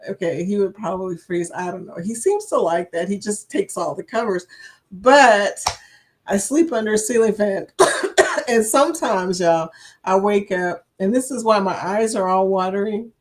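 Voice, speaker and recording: A woman's voice: medium pitch, moderate pace. An older woman hosting a casual live-stream chat, chatty and laughing often as she reads viewers' comments aloud, with a slight cough and a dry throat.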